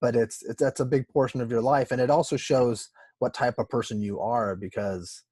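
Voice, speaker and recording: A man's voice: mid-range voice, fairly even intonation, normal speed, breathy edge, no room sound. A man from Southern California hosting an interview, asking rambling questions with many restarts. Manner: warm, rambling questions with frequent restarts and laughs. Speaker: podcast host. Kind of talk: casual interview chat.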